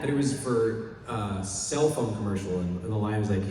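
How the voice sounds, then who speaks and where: A middle-aged man from Chicago, a panel guest telling animated anecdotes and acting out other people's lines. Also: on the low side, moderate pace, a little hiss or hum. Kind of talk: storytelling at a convention panel. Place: large convention hall. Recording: echoey hall, mic heard from far off.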